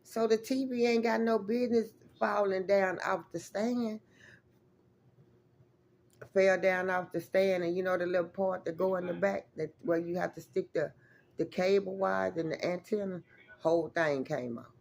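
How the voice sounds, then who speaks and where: A woman's voice: fairly low pitch, fairly even intonation, normal speed, vocal fry, darkish tone. Woman vlogging, rambly profane storytime, keeps saying y'all, real casual. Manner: rambling, emphatic, profane, addresses viewers as y'all.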